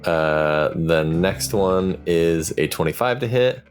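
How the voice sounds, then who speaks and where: Deep-voiced man with lively pitch. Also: slow pace, clean tone. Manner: matter-of-fact, calling out rolls. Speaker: player. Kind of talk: casual tabletop play.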